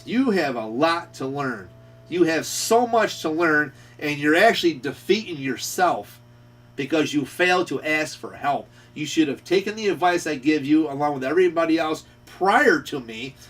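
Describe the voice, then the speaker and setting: A man's voice: fairly high pitch, animated, moderate pace, a bit bright, far from the mic. A middle-aged man who runs a radio repair shop, scolding a rival in a confrontational rant and repeating his points. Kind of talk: ranting call-out video.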